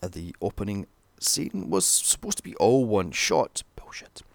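A British man narrating a sweary, comedic movie recap, his voice swooping wildly up and down with a gravelly rasp at the bottom. He wanders into sarcastic asides, and the sound is dry and close. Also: on the low side, very animated, a little slow, no room sound. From Britain. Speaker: film reviewer.

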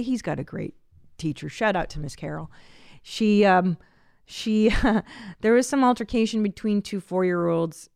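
Woman host, 40s, gravelly voice, chatty and self-mocking, dry studio sound. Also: on the low side, no room sound. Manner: chatty, self-deprecating, rambling. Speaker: podcast host. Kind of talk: casual comedic monologue.

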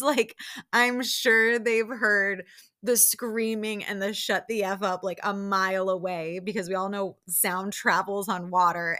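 A woman's voice: mid-range voice, bright, forceful tone. A young woman hosting a podcast, casually recapping a reality show with lots of "like" fillers and acted-out quotes. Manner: chatty, many "like" fillers, acts out quotes.

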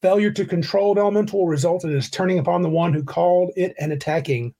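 A podcast host with a high, warm voice and a fast delivery runs a casual tabletop game show over a video call. He rambles and corrects himself while reading the rules aloud.

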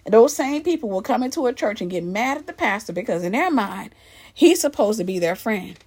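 Woman, animated church-culture commentator, pitched a touch high, emphatic delivery. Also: fairly quick, husky. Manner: emphatic and animated, acts out the people she mocks.

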